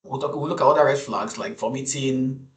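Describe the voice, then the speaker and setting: Man, tutor, lecture over slides, measured explaining, restarts, middle pitch, echoey room. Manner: measured, explanatory, frequent restarts and "you know". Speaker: medical exam tutor. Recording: roomy echo.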